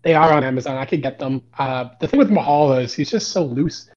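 Man, podcast co-host, mid pitch, rambling, muffled lo-fi sound. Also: fairly quick, a little mellow. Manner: rambling, full of fillers. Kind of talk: casual podcast chat. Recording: dull lo-fi mic.

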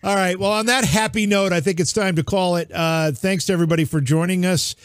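A man's voice: high-pitched, steady tone, brisk, smooth, no echo. A man hosting a podcast, chatting in an easygoing, casual way. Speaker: podcast host.

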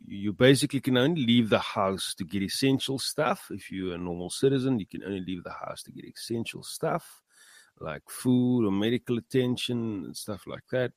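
A South African man hosting a podcast delivers an earnest motivational monologue full of fillers and repeated words, with rising emphasis on key phrases. His voice sits on the low side and is a little mellow, with no room sound.

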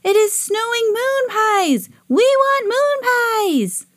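A woman voicing a crowd of hungry little Martians in a storybook, calling out slowly together. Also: very high voice, sing-song, voice pushed up, heavily acted. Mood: excited. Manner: chanting slowly in unison.

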